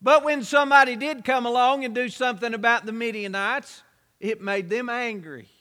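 High, bright-voiced male preacher. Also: normal speed, long reverb tail. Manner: repetitive, with rhetorical questions. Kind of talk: sermon.

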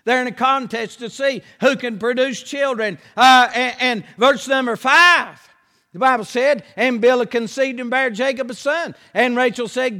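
A man preaching a folksy, emphatic sermon that rises to shouts. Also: extremely high pitch, moderate pace, long reverb tail.

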